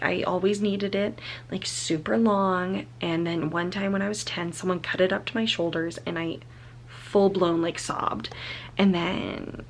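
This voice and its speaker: A woman's voice: medium pitch, gravelly, a little hiss or hum. A young woman chatting casually about the books she read, full of fillers and often dropping to a whisper. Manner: chatty, frequent fillers, drops into unvoiced whispers. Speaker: book vlogger. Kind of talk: casual book review chat. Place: indoors at home.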